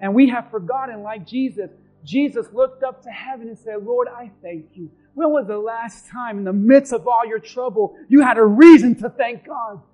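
A male pastor preaching a sermon in church, impassioned and shouting for emphasis. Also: very high-pitched, moderate pace, few pauses, faint music behind.

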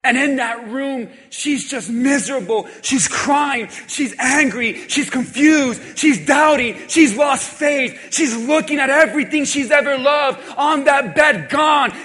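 A male pastor delivers a sermon with a high, ringing voice and a bright, forceful edge. He preaches with passion, driving home repeated refrains. The sound carries a long church-hall reverb. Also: a little slow, few pauses.

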